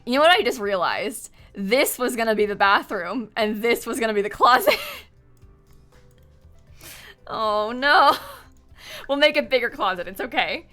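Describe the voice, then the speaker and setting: A woman's voice: a little high, pushed and bright. A young woman chatting casually on a live stream while playing a game, giggling often and thanking viewers from chat. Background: faint music.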